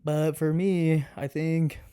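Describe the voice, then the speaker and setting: A man's voice: fairly high pitch, slow, smooth. A laid-back young man, a college student, chatting casually as a podcast guest. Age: young adult. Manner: laid-back, relaxed storytelling. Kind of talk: casual chat.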